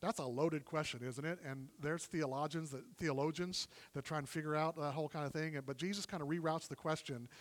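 Guy guest preaching, chatty and animated, slightly high voice, church hall reverb behind him. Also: brisk, hardly any pauses. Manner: conversational, animated retelling with quoted dialogue. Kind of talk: sermon. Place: church service in a warm room.

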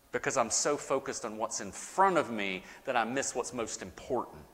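A man preaching a sermon as pastor, with dramatic pauses and rising, emphatic repetition. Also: fairly high pitch, a bit bright, long reverb tail.

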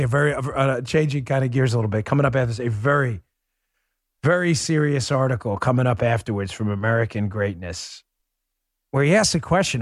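A man from Queens, New York, hosting a talk radio show, animated and chatty, often breaking into laughter. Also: mid-range voice, no room sound, studio quality. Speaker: host.

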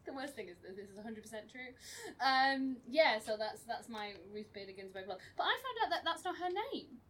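A woman's voice: fairly high pitch, big pitch swings, brisk, fairly bright tone, recorded from a distance, rough recording. A young woman presenting a comic segment, chatty and self-mocking with frequent giggles. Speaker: panel presenter.

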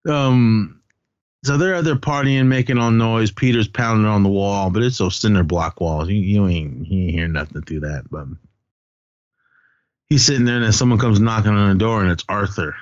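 A man's voice: fairly low pitch, moderate pace, no room sound, dull audio. A man co-hosting a casual film podcast, retelling a story in a rambling way with many fillers. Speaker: podcast co-host.

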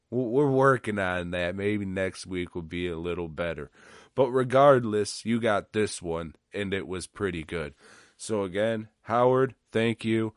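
A man's voice: low voice, smooth, dry recording, clean studio sound. A man hosting a podcast, wrapping up an episode in a loose, rambling way with plenty of swearing and jokes. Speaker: podcast host. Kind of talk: casual outro monologue.

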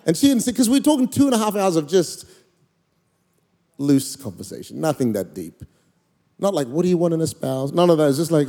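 A man preaching to his congregation, spinning a funny personal story with lively swings of energy and loud, excited bursts. His voice is fairly high for a man yet mellow and dark in tone. The sound rings out in a large church hall with a long reverb tail. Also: brisk. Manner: animated, comic storytelling with sudden loud peaks. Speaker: pastor. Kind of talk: storytelling sermon.

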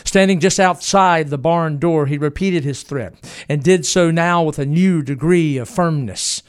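A man giving scripted documentary narration, telling a historical event in a dramatic, measured way. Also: fairly high pitch, clean tone.

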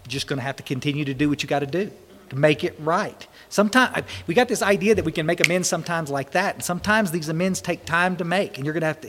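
A man's voice: on the high side, fairly bright tone, big-room sound. Emotional, rambling man at a recovery meeting. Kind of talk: answering questions at a meeting.

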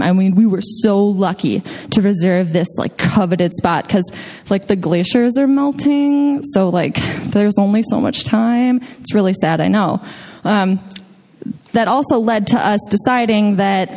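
A woman's voice: mid-range voice, a little mellow, in a large hall. A young woman telling a true story live on stage to an audience, chatty and casual with plenty of filler words.

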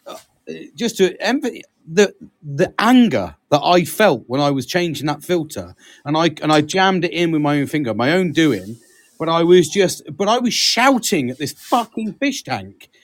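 A man with a high, lively voice, chiming in on a casual podcast. He reacts quickly, swears freely and laughs often. His pitch rises and falls a great deal. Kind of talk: casual chat.

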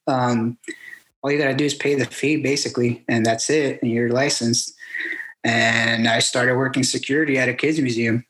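A man's voice: medium pitch, steady tone, fairly bright tone. Echoey man telling his veteran story. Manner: halting, repeats words, acts out quoted exchanges. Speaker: military veteran guest. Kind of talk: candid personal storytelling.

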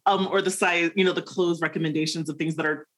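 A woman's voice: fairly low pitch, steady tone, quick pace, a crowd in the background. A woman in a casual podcast conversation, talking in an emotional, gushing way with frequent laughs.

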